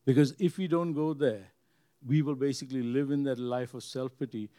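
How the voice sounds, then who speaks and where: A pastor preaching a sermon to his church, earnest and repeating his phrases, swinging from loud emphasis to quiet. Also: mid-range voice, fairly even intonation, moderate pace, no echo.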